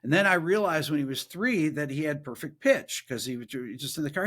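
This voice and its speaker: A man, a guest musician and producer, telling a story casually in a podcast interview and acting out quoted voices in a higher pitch. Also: expressive, fast talker, hardly any pauses, fairly bright tone.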